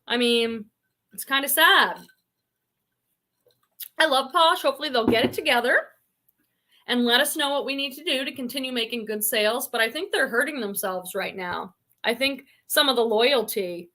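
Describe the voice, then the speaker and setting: A woman's voice: fairly high pitch, moderate pace, pushed and bright. A middle-aged woman hosting a casual live stream about online reselling, chatting and reading viewer comments aloud. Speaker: reselling channel host.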